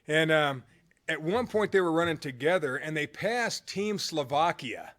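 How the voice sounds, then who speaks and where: Fairly high-pitched, expressive, and fairly bright, a middle-aged man recounts an inspiring episode from his own life at a measured pace. The telling is conversational and meandering, full of fillers and false starts.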